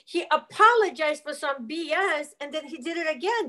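A woman's voice: sits high, expressive, normal speed, few pauses, pushed and bright, poor audio. A middle-aged woman, an interview guest, telling a personal story in an earnest, emotional way and acting out the dialogue with animation.

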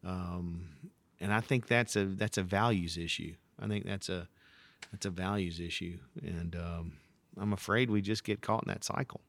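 A man who is a pastor, chatting on a podcast and telling stories in an animated, rambling way. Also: low voice, moderate pace, gravelly, no room sound. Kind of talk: casual podcast conversation.

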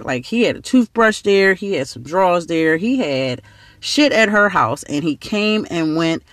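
A man's voice: high voice, dry recording, clean studio sound. A man hosting a podcast, telling a story in a casual, rambling way with side tangents. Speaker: podcast host.

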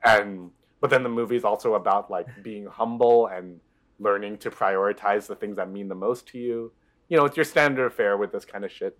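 A man's voice: on the low side, a little fast. A man co-hosting a podcast, chatting casually and enthusiastically with lots of fillers. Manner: rambling, enthusiastic, heavy on fillers. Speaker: podcast co-host. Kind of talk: casual chat.

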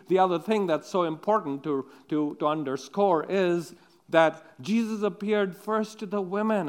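A man with a high voice preaching a sermon. He talks in a halting, chatty way, full of ums and restarts, and turns to his listeners with direct questions. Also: fairly bright tone.

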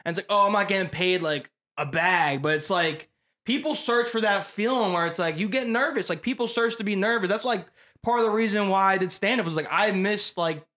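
High, quick young male co-host. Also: fairly bright tone. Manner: eager interviewer, loose slangy talk. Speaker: podcast co-host and stand-up comic. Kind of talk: casual podcast chat.

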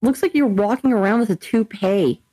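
A woman's voice: mid-range voice, normal speed, mellow, no echo, rough recording. A young millennial woman co-hosting a casual podcast, teasing and crude, laughing often. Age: young adult. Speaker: co-host.

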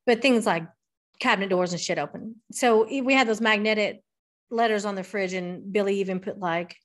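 A woman's voice: medium pitch, moderate pace. A middle-aged woman with a drawl chats casually as a podcast co-host. She tells long, rambling anecdotes, laughs often and swears freely. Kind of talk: casual chat.

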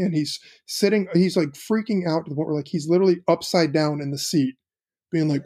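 Male co-host, middle-aged, husky, chatty storyteller. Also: a little high, brisk. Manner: storytelling, animated quoting of his kids. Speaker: podcast co-host. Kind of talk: casual chat.

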